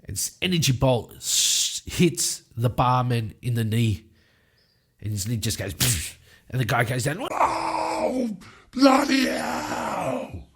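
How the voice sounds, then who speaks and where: A man narrating his solo tabletop game, telling the story in a lively way and acting out scenes. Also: mid-range voice, unhurried, breathy edge.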